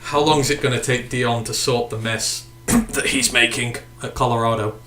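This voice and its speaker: A man's voice: medium pitch, steady tone, normal speed, sharp tone, roomy sound, a little hiss or hum. A man from the United Kingdom co-hosting a casual sports podcast, chatting and reading out viewer comments. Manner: chatty, reads out viewer comments and sign-offs. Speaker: podcast co-host.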